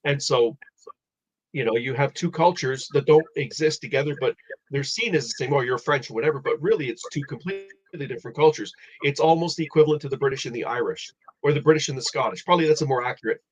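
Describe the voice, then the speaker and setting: A man's voice: a little high, fast, husky. A man hosting a live stream, explaining history in a rambling casual way with many restarts. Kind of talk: casual chat. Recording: dull lo-fi audio.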